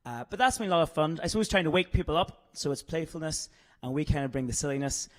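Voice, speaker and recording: A man's voice: on the high side, lively intonation, fast talker. A man with a Northern Irish accent chatting casually in an interview, jokey and self-deprecating, chuckling often. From Northern Ireland.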